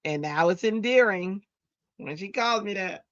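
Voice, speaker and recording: A woman hosting a crafting stream, chatting casually and telling stories in an animated way while she works. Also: mid-range voice, a little slow, no room sound, muffled recording. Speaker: crafting channel host.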